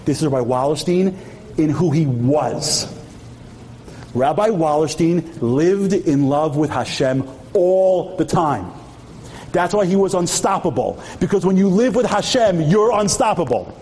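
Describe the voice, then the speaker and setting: A man's voice: fairly high pitch, warm tone, a little hiss or hum. A man giving a storytelling sermon with humor at a memorial tribute, emphatic, asking rhetorical questions and acting out dialogue. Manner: acts out dialogue with quick shifts of voice.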